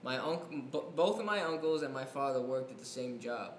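A man's voice: mid-range voice, animated, moderate pace. A young man, a bit drunk, telling a rambling story in casual chat, swearing and laughing often. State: tipsy. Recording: echoey room, faint noise.

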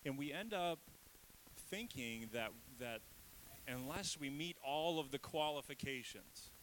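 A man preaching a sermon, emotional and shifting between hushed and raised delivery, acting out inner voices in asides. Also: on the high side, unhurried, slight background noise, low-quality recording. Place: church stage.

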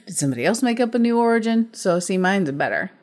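A woman's voice: mid-range voice, sing-song, fast, a little mellow. A woman co-hosting a movie review podcast, making dry, teasing remarks in casual chat. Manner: dry, teasing, laughs often. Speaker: podcast co-host.

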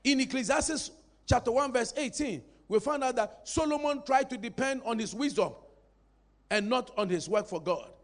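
High-voiced man preaching. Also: normal speed. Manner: animated, playful, calls for congregation response. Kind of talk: sermon.

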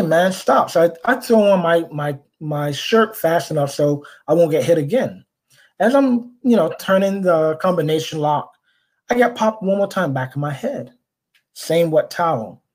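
A man from Brooklyn, a podcast guest telling a story in conversation and acting out the people he quotes. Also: a little high. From Brooklyn, New York. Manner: animated, acts out the people he quotes.

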